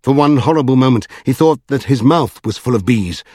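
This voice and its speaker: A man narrating a novel aloud in a measured storytelling manner. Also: medium pitch, lively intonation, mellow, husky, dry recording, studio quality. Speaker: audiobook narrator. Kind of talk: scripted narration.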